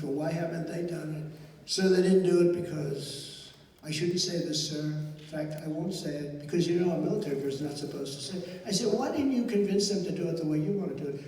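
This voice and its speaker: An older man holds forth at a rally and wanders from one aside to the next. He acts out the dialogue of the people in his story. His voice sits a bit high and comes from far off, echoing through a big hall. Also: animated, moderate pace, darkish tone. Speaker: political speaker at a rally. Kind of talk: rambling campaign speech anecdote. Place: large indoor event hall. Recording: echoey hall, voice from afar.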